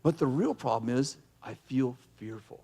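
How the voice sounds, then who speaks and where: A middle-aged male pastor preaching a sermon in an animated way, breaking into acted yelling now and then. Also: mid-range voice, normal speed, gravelly. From United States.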